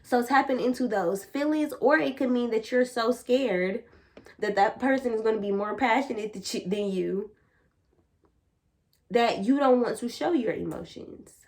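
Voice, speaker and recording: A young woman vlogging a casual spiritual chat to her viewers, blunt and animated, full of slang and swearing. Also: a little high, normal speed. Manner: blunt, profane and animated, lots of slang and 'bitch' as filler. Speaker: vlogger and tarot reader.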